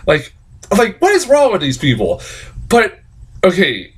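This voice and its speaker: Excitable, profane man reviewing a movie. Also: high-pitched, unhurried, slightly rough. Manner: profane, excitable, laughing, rambling with restarts.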